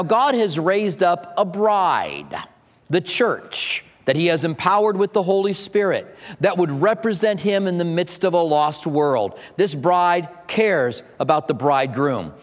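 A man delivering a sermon as pastor, teaching conversationally with humorous asides. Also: sits high. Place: church sanctuary. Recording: long hall reverb.

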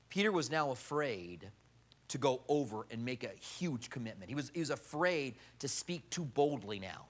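A middle-aged male pastor preaching a sermon, telling the story with big swings from loud, high emphasis to quiet, low delivery. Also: animated, normal speed.

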